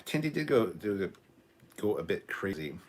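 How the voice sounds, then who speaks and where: A man's voice: sits low, sing-song, normal speed. A Canadian man in his forties, hosting a casual live reaction stream, rambling with many ums, reading chat aloud and apologizing for a cough. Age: 40s. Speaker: livestream host.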